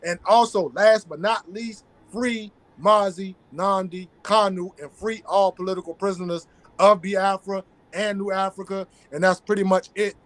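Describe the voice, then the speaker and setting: A man's voice: sits high, steady tone, normal speed, fairly bright tone. A man with a Southern US accent, a guest activist in an interview, talking emphatically and repeating his key phrases. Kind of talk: interview conversation.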